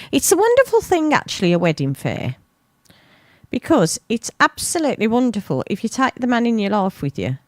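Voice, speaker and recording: A woman's voice: a little high, dry recording. A woman, presenting a local radio show in a rambling, chatty way, interrupting herself with asides. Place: radio studio. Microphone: studio microphone.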